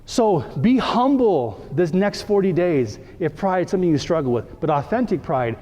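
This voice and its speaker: A man's voice: high voice, expressive, moderate pace, warm tone. A male priest giving a conversational sermon, acting out short everyday dialogues for his congregation. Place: church. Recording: reverberant church hall.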